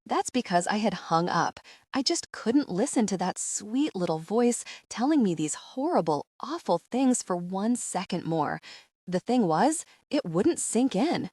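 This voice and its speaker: A woman narrating a first-person audiobook in an expressive, wry, conversational way. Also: medium pitch, measured pace, husky, no echo, studio quality.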